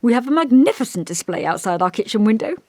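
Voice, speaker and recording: A woman reading an audiobook and voicing a kindly, hesitant male village vicar with a gentle, scholarly voice. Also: fairly low pitch, very animated, normal speed, no room sound. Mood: genial. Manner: kindly, hesitant, over-polite. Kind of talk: audiobook character voice.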